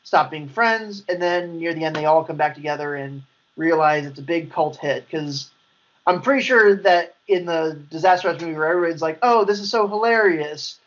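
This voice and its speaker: A man talks loosely about a film on a podcast, leaning on "like" and "you know". His voice sits a little high. The recording is dull and lo-fi. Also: a little fast, fairly bright tone. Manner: loose, filler-heavy. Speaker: podcast co-host. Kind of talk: casual chat about a film.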